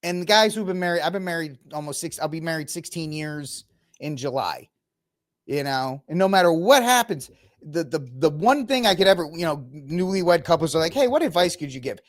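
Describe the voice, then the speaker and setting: A man's voice: on the high side, a little fast. A man in his thirties from Texas, hosting an opinionated reaction commentary with mocking asides. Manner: animated, opinionated, mocking impressions. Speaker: commentary host.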